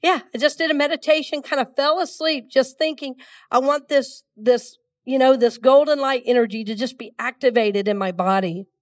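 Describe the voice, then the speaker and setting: Casual sermon from a congested woman from georgia, high voice, a bit far off the mic, dry room. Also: moderate pace. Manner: conversational, repeats words, leads call-and-response. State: still has a cold, congested. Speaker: minister. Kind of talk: sermon to a live congregation.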